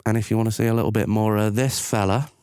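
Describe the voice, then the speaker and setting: A man co-hosting a football podcast with a fairly low voice. He talks in a relaxed, slangy way and is full of opinions. The close mic gives a dry sound. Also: fast, clear, resonant tone, no room sound. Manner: laid-back, slangy, opinionated. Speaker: podcast co-host. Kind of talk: casual football chat.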